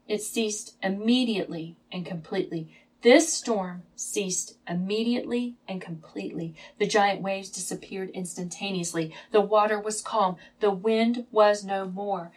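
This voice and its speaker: A woman's voice: mid-range voice, moderate pace, low-quality recording. Dramatic woman preaching a sermon. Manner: dramatic storytelling, shifting between hushed and emphatic. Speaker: Bible teacher.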